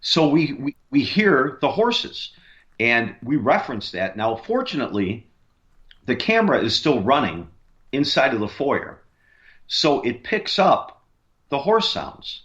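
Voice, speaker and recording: A man's voice: mid-range voice, a bit bright, lo-fi sound. A man, a paranormal investigator, tells a long story in a rambling way, with many fillers and restarts. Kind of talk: casual storytelling on a radio interview.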